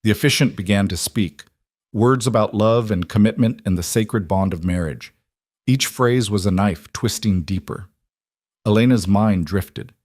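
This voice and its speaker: Man narrating a romance story, lowish voice, steady even read, dry close mic. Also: a little slow, dry recording.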